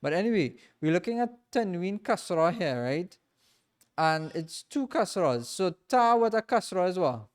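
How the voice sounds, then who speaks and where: A man teaching a reading class in a mosque, patiently repeating and drilling each sound slowly for his students. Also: high-pitched, very animated. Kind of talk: classroom lesson.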